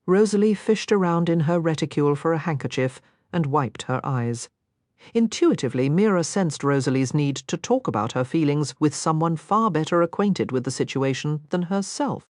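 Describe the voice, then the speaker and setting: A woman narrating a romance audiobook in an expressive, scripted reading. Her voice is low, yet it rises and falls in an animated way. The recording is close and dry, with no sound of the room. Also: normal speed, no echo.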